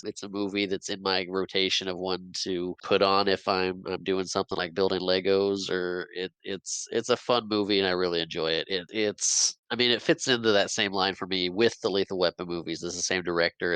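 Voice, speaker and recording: Low smooth-voiced man, podcast chat. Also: fairly bright tone, no room sound, poor audio. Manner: laughs often, with halting restarts. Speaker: podcast co-host. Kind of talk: casual chat about a film.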